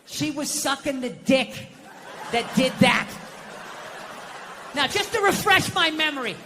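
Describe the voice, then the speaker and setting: Loud ranting man doing stand-up. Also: very high-pitched, animated, measured pace, long pauses. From United States. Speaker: stand-up comedian. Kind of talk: stand-up comedy set. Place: comedy stage before a live audience. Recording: echoey live hall with crowd noise.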